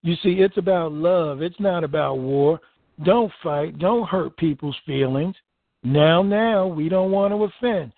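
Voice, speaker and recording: A man with a high voice preaches a fervent sermon, reading scripture and pressing each point with emphasis. The sound is thin and phone-like, with a dry, close feel. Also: a little slow, creaky, no echo. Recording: tinny phone-like dry recording.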